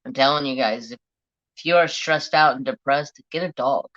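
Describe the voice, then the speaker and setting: On a craft livestream, a man chats casually and bluntly, swearing freely. His medium-pitched voice is a bit bright and moves at a moderate pace. The stream audio sounds dull and lo-fi.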